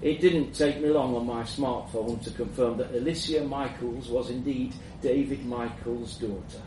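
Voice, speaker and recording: A man tells a first-person story in a measured, reflective way. His voice sits at an ordinary middle pitch and is picked up from some way off the mic. The room is echoey, with a faint hum underneath. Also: fairly even intonation. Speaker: narrator. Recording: roomy echo, mic at a distance, faint background hum.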